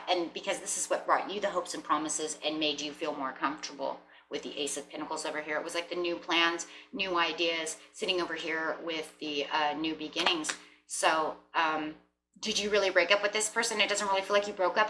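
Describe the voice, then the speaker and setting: A woman giving a casual tarot reading, chatty, often clearing her throat and checking in with "right?" and "you know?". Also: fairly low pitch, pushed and bright, a little hiss or hum. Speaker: tarot reader. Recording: roomy echo.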